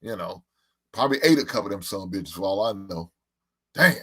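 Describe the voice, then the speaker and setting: Animated, profane man hosting a casual stream. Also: low-pitched, brisk, husky. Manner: loose, profane, laughing, talks to chat. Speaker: podcast host. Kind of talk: casual live-stream chat.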